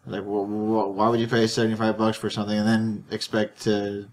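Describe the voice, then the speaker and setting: A man's voice: lowish voice, completely flat delivery, fairly quick. A man co-hosting a casual podcast, telling a long rambling story with many restarts and stammers. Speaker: podcast co-host. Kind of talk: casual chat.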